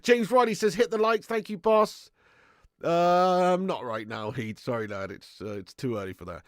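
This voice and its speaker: A man hosting a live football chat stream, reading out viewers' comments in a chatty way, laughing often and swinging from loud shout-outs to low mutters. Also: moderate pace, no room sound, studio quality. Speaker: football channel host on livestream.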